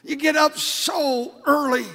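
An older man, a pastor, preaching a sermon with fervent emphasis that rises into shouts, in a church sanctuary. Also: extremely high pitch, fairly even intonation, slow. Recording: long hall reverb.

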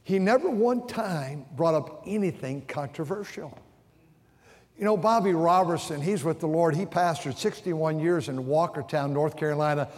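A man's voice: on the high side, moderate pace, darkish tone. Storytelling preacher man in echoing church. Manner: storytelling with vivid acted-out quotes; frequent restarts and repeated words. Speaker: pastor. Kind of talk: sermon. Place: church sanctuary. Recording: long church hall reverb.

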